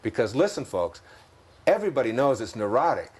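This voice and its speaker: A man's voice: mid-range voice, very animated, brisk, husky. A man with a Detroit accent, a guest in an interview, talking in an expansive, storytelling way and laughing at his own jokes. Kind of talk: reflective spiritual interview talk.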